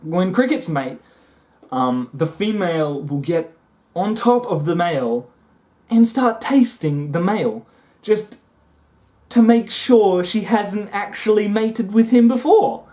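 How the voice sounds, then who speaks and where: A man vlogging a comic monologue to the camera, excitable and often jumping into high voices as he acts things out. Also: slow pace. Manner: excitable, jumps into high squeaky voices when acting things out.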